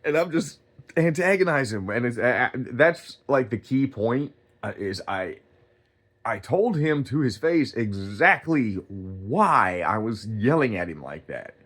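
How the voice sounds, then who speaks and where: A man's voice: medium pitch, sing-song, a little slow. A man telling a rambling story in a casual, profane rant. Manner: profane, rambling storytelling, loud when reenacting quotes. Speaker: streamer.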